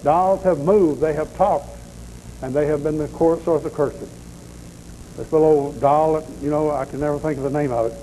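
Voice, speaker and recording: A man's voice: on the high side, steady tone, moderate pace, dark tone, poor audio. A man preaching a deliverance sermon in a folksy, blunt storytelling manner, with faint noise in the background.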